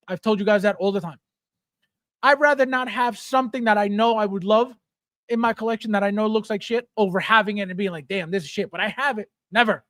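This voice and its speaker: A man hosting a livestream rants bluntly with heavy profanity as he reads out and answers viewer chat. His very high-pitched voice is a bit bright, captured in clean studio sound without echo.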